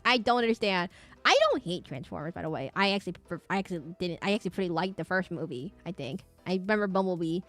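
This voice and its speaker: A woman's voice: on the low side, fast, fairly bright tone, faint music behind. A woman streamer chatting casually and rambling from topic to topic at her home setup.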